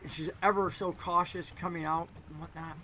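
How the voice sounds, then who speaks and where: Guy running a tabletop game, high bright voice, rambles on, slips into character voices. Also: fairly even intonation, brisk, a little hiss or hum, low-quality recording. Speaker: game master.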